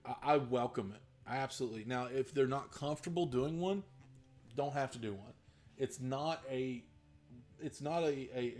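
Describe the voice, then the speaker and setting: A man's voice: medium pitch, a little mellow. A man who runs tabletop games, answering viewer questions in a casual live stream. He rambles with enthusiasm and laughs often. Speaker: game master streaming a Q&A.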